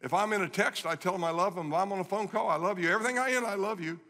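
A middle-aged man, a guest preacher, delivers a sermon with animated storytelling, repeating phrases for emphasis. His voice is high-pitched, rapid-fire, and sharp, ringing with the long reverb of a large hall.

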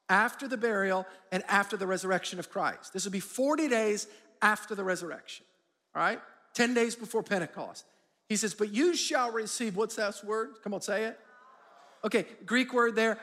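A man pastor preaches in a large church auditorium, his high-pitched voice carrying a long reverberant tail. He drives his points with call-and-response, asking the crowd to repeat key words back to him. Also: sharp tone. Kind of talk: sermon.

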